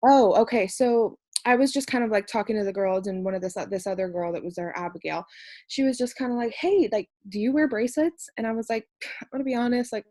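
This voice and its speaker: A woman's voice: on the high side, fast talker, no room sound. Bubbly young woman chatting in a dry room. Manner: bubbly, animated retelling with upbeat voiced quotes. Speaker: co-host. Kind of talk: casual chat.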